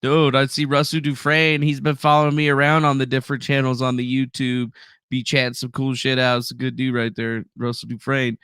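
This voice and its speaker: A man's voice: mid-range voice, flat delivery, a little fast, fairly bright tone, smooth, no echo, clean studio sound. A man hosting a live stream in a loose, rambling way, swearing and reading out viewers' names from the chat. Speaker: livestream host.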